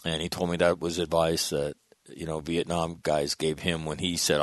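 A man's voice: extremely low pitch, flat delivery, normal speed, dry recording, clean studio sound. A middle-aged man, a Marine veteran guest, telling stories in an emphatic, blunt and profane way. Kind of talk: candid storytelling interview.

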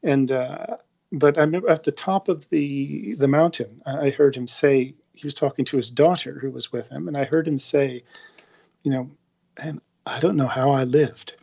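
A man's voice: on the high side, moderate pace, vocal fry, a little mellow, slightly rough, dull audio. A man being interviewed, speaking casually in a rambling, hesitant way with many restarts. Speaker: interview guest. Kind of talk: casual conversation.

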